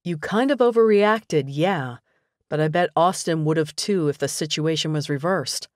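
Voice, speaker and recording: Woman doing a steady, frank male best friend. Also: deep voice, moderate pace, dry recording, studio quality, close to an everyday voice. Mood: concerned. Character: young man, loyal lifelong best friend.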